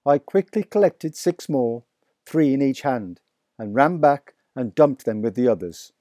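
Male audiobook narrator, slow deliberate pace, lively pitch, mellow tone, dry close mic. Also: dry recording. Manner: slow, deliberate, vivid storytelling. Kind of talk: expressive storybook reading.

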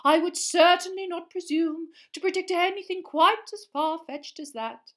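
Casting: woman playing an airy, dreamy older lady professor, high-pitched and loud. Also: moderate pace. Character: dreamy, fussy older female professor of divination.

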